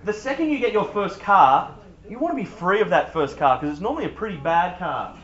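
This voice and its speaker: A man preaches in a relaxed, conversational way, joking and putting questions to the people in front of him. His voice sits a little high for a man. The recording sounds dull and muffled. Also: a little fast. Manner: conversational, jokey, talks with the room. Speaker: youth pastor. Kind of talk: sermon.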